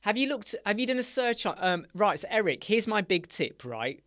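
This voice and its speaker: A man hosting a casual live-stream chat show, answering viewers in an animated, chatty way with many fillers and asides. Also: high voice, moderate pace, no room sound, studio quality. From United Kingdom. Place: small dark room with sound panels.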